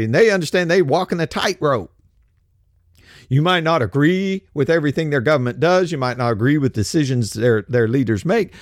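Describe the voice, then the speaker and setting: With a fairly high pitch, the older host of this political commentary show talks bluntly in coarse street language. He laughs a lot while ridiculing things, and the recording is dry and studio quality.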